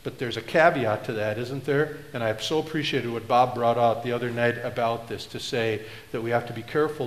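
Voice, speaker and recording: A middle-aged man preaching a sermon, swinging between loud declarations and low, confiding asides. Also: roomy sound, slight background noise, poor audio. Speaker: pastor. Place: church sanctuary.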